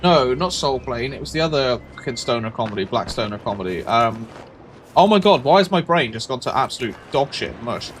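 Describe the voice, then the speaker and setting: A man, animated and swearing in casual chat as a streamer. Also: brisk. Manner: animated, swearing, acts out quotes with sudden high yelps. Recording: noisy background.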